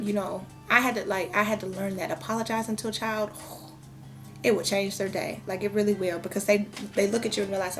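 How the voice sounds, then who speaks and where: A woman's voice: mid-range voice, steady tone, a little fast, creaky, faint music behind. A woman in her thirties giving a casual tarot reading, talking frankly and chatting with lots of fillers. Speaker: tarot reader.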